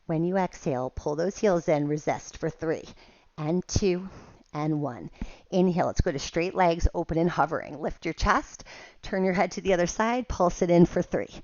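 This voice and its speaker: A woman leads a home Pilates class, calling out moves and counts in a lowish voice. She sounds a little short of breath and now and then laughs at herself. The sound is dull and dry. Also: normal speed, darkish tone, dry recording. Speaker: Pilates instructor. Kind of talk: guided workout instruction.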